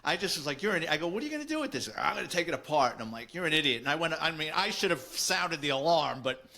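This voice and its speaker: A male podcast host with a New York accent chats casually and recalls old memories. His voice is bright and sharp, pitched a little high for a man. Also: quick pace. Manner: chatty, recalls shared memories. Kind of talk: casual conversation.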